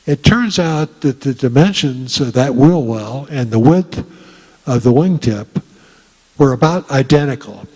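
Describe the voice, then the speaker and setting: Older male speaker, unhurried anecdotes in a reverberant hall. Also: mid-range voice, expressive, dark tone, husky. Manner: folksy storytelling, frequent "uh" pauses. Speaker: guest speaker. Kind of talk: casual talk to an audience. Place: meeting room.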